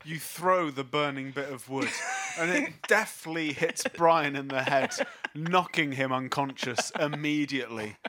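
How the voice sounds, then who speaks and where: A man's voice: on the high side, measured pace. A man narrating a tabletop game as game master, laughing through vivid descriptions. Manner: lively narration, laughing often.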